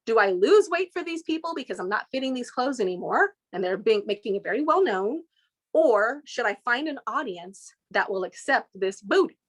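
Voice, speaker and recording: Lively woman telling a story. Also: moderate pace. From Inglewood, California. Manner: lively, mimics voices, frequent pitch jumps. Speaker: interview guest. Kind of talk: animated storytelling.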